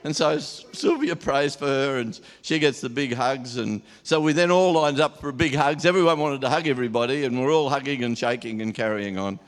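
A man's voice: mid-range voice, a little fast, hardly any pauses. A man preaching an informal sermon in a church hall, telling stories in a chatty way and laughing often.

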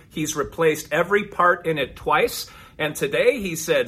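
A man co-hosting a podcast, telling stories in a casual, animated chat with quick asides. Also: a little high, husky. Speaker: podcast co-host.

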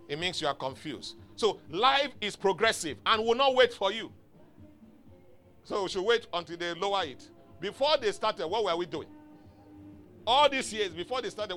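In a church, a pastor preaches a sermon with emphatic exhortation, calling out to his congregation for responses. His voice is high-pitched and sharp, and faint music drifts in from outside.

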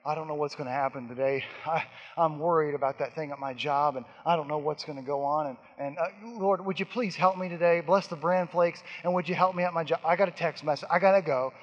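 A man's voice: a little high, fairly even intonation, fast, lo-fi sound, lightly acted. A man preaching who mimics a stressed, complaining working adult who stammers and frets, in a room with long reverb. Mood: grumbling.

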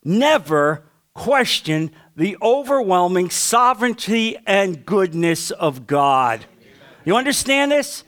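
Impassioned, high-pitched male preacher. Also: big pitch swings, slow pace. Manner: impassioned preaching with sudden swings between loud and hushed; asks the congregation questions. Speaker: pastor. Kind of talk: sermon.

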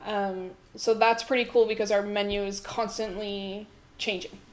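Young woman, from Ontario, podcast guest, easygoing, laughs often, mid pitch. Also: level tone, moderate pace. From Ontario, Canada. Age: young adult. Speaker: podcast guest, former theme park restaurant worker. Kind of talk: casual podcast chat.

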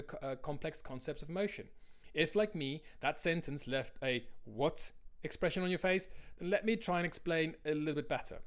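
Brief: conversational male blogger, slightly higher pitch, reads his post with candid asides. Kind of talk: casual reading of a blog post.

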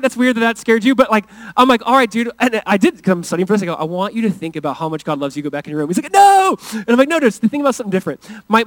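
A man in his thirties preaching a sermon as pastor, earnest and fervent, dropping to hushed tones for tender passages and rising for emphasis. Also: high-pitched, no echo, low-quality recording.

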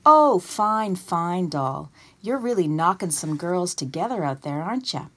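A woman voicing a feisty old woman, a former roller derby skater, who hollers loud and brassy. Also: a little high, big pitch swings, takes it slowly, pitched above the performer's own voice, heavily acted.

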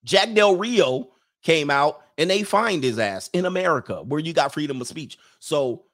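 A man's voice: on the high side, expressive, normal speed, a bit bright. Loose, joking man ranting casually. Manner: loose, joking, rambling, laughs often. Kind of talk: casual commentary rant.

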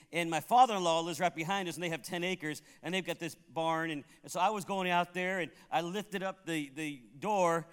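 In a church sanctuary, a Puerto Rican pastor preaches a sermon full of funny stories and laughs at his own tales. His voice is fairly high-pitched, with a fairly bright, clean tone, and the recording carries a long hall reverb.

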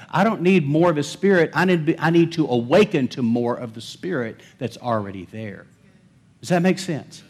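A man's voice: medium pitch, animated, moderate pace, husky. A pastor giving a sermon in a church, talking conversationally and asking his congregation questions. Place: church sanctuary.

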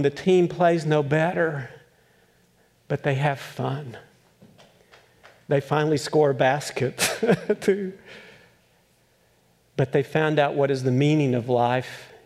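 A male pastor preaching a sermon, telling a story with acted-out voices and chuckles, then asking animated questions. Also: a little high.

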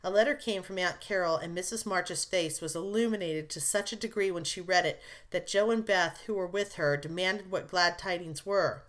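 A woman narrating a classic novel aloud in a smooth, expressive storytelling manner. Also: on the low side, moderate pace, hardly any pauses. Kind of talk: audiobook reading of a classic novel.

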